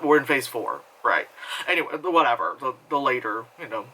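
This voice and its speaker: A man's voice: medium pitch, sing-song, brisk, pushed and bright, rough recording. A man talking casually from home as he reviews a movie, rambling, swearing freely and laughing at himself. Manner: rambling, profane, self-mocking with frequent laughs.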